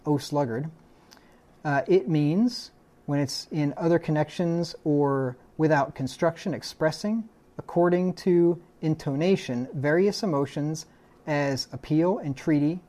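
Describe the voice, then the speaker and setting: A man preaching to a small church, reading verse after verse in a steady voice. His tone is dark and mellow, with plain spoken asides between the readings. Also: fairly high pitch. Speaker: pastor. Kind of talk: sermon.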